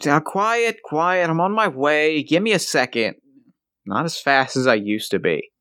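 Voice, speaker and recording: A man's voice: animated, unhurried, a bit bright. A man voicing an aging, worn-down ex-wrestler who stammers and sounds flustered and bewildered. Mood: weary. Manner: stammering, flustered, higher than his own voice.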